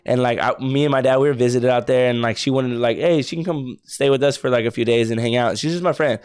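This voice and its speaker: A man's voice: mid-range voice, steady tone, fast talker, darkish tone, clean tone, dry recording. A young man from Texas co-hosting a podcast, telling a long rambling story in casual chat and saying "bro" a lot. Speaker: podcast co-host.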